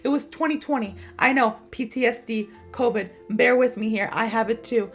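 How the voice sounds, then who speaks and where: A woman in her thirties teaches slang through a chatty personal story, slipping into the voices of the people she quotes. Her voice sits fairly high. Soft music plays faintly under her talk. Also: normal speed. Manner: chatty, animated, acts out quotes. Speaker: English teacher. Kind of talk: casual storytelling lesson.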